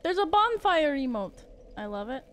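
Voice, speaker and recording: A woman's voice: high-pitched, big pitch swings, normal speed. A woman streaming a game, chatting playfully with viewers and giggling often. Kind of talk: casual gaming commentary.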